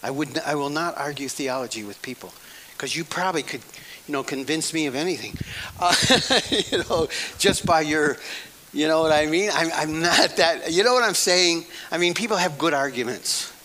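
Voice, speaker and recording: A man's voice: on the high side, normal speed, bright, forceful tone, rough recording. A male preacher giving a folksy, emphatic sermon, repeating phrases and often breaking into laughter.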